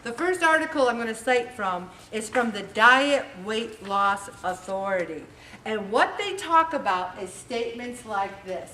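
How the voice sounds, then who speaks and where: A woman leading a weight-loss group, giving an animated motivational talk and acting out quotes. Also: a little high, slow. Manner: animated, acts out quotes with lively voices. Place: meeting room with an audience. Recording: echoey room recorded from a distance, faint hiss.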